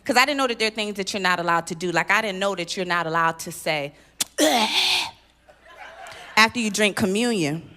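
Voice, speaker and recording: Bright, punchy woman doing stand-up. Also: mid-range voice, quick pace, hardly any pauses, slight background noise. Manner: punchy, animated delivery with sudden loud exclamations. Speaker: stand-up comedian. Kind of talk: stand-up comedy set. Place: live stage at a church event.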